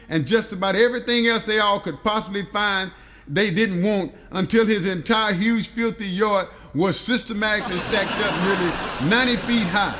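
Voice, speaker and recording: High bright-voiced man telling a rambling comic tale. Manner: rambling run-on lists with stumbles and giggles. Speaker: storyteller. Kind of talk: comic audiobook narration.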